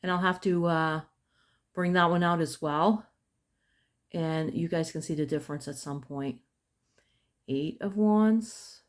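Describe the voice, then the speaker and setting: A woman casually chatting through an unboxing, murmuring card names and softly admiring the artwork as she flips through the deck. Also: low-pitched, flat delivery, normal speed, pauses often. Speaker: tarot unboxing vlogger.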